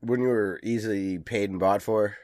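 Casting: male podcast host, lowish voice, wry and dry, close and dead-dry sound. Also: fairly even intonation, normal speed, no echo. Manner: dry, wry remarks, trails off quietly. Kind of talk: casual chat, news segment.

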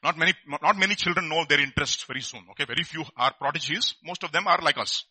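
A man preaching a lively sermon, asking his listeners rhetorical questions and acting out the people in his stories. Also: on the high side, fast talker, slightly rough, no room sound.

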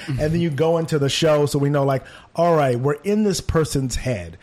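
A man in casual conversation, critiquing a theater production with animated asides. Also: a little high, moderate pace, hardly any pauses. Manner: animated, mimics voices when quoting. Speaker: theater reviewer.

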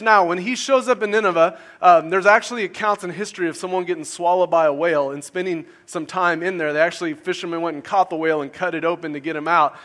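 A man preaching a conversational sermon, asking his listeners questions and swinging from loud to quiet. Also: high voice. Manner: conversational, asks the audience questions, varies volume widely. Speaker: pastor.

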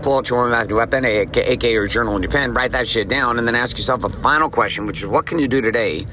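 A man's voice: mid-range voice, fast, sharp tone, a little hiss or hum. A middle-aged man hosting a podcast, telling a casual story and repeating his key lines for emphasis. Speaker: podcast host.

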